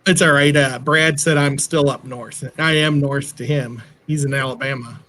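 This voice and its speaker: Speaking in a mid-range voice that sounds pushed and bright, this middle-aged livestream co-host keeps a moderate pace and fairly even intonation. He rambles through stories in casual conversation over slight background noise.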